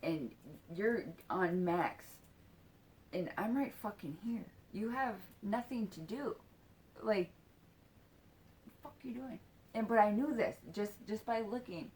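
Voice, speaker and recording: A woman's voice: mid-range voice, animated, slow pace, pauses often, darkish tone. Woman in her 40s rambling thru a story, swears a lot, tons of likes and ums. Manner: rambling, lots of fillers and swearing. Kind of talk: casual storytelling.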